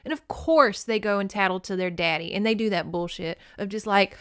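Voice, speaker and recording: A woman's voice: mid-range voice, fairly quick, few pauses, fairly bright tone, clear, resonant tone, no room sound, studio quality. A woman hosting a casual movie-recap podcast, chatty and emotional, swearing freely. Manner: chatty, swears, laughs and tears up. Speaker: podcast host.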